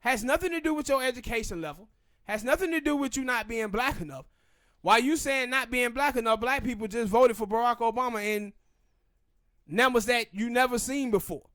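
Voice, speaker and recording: Southern male podcast host, high-pitched, opinionated, talks with hard emphasis. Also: fairly bright tone, no echo, clean studio sound. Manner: emphatic, ranting, drawn-out pauses. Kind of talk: opinionated casual commentary.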